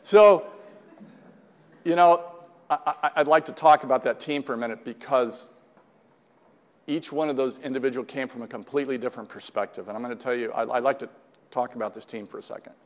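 A man's voice: mid-range voice, fairly quick, big-room sound. A man in his sixties giving a rambling personal testimony at a recovery meeting, full of restarts and asides. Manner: rambling storyteller, many restarts and "right?" tags.

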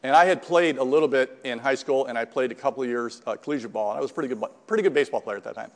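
A man's voice: medium pitch, rapid-fire, big-room sound. A man in his sixties giving a rambling personal testimony at a recovery meeting, full of restarts and asides. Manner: rambling storyteller, many restarts and "right?" tags.

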